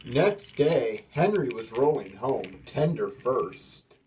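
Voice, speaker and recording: A man reading a children's storybook aloud, measured and expressive. His delivery is slow and deliberate, and his pitch moves a lot across each sentence.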